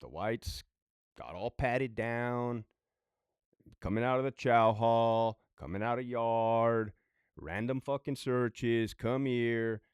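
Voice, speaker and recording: A man's voice: medium pitch, takes it slowly, clean tone, no room sound. A man who was a prison sergeant tells a story in a casual monologue, blunt and full of swearing. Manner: profane, blunt, conversational.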